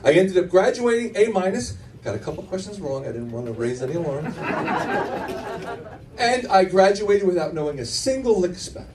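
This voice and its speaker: A man tells stand-up stories in a high, lively voice, tripping over his words and restarting as he goes. He is recorded from across a comedy club, with faint room noise and audience laughter behind. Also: fairly quick, distant mic, a crowd in the background. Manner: animated storytelling with many restarts.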